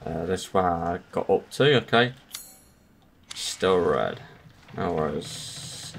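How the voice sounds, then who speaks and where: A man playing a horror game, muttering to himself between yelled insults at the enemies. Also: sits low, lively intonation, slow pace, vocal fry, slight background noise. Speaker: gamer. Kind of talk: gameplay commentary.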